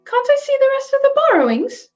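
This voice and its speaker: A woman's voice: very high-pitched, big pitch swings, fairly quick, muffled recording, pitched above the performer's own voice. A woman voicing a bold, eager young girl in a storybook reading, pleading and insistent, with faint music behind. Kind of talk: storybook read-aloud.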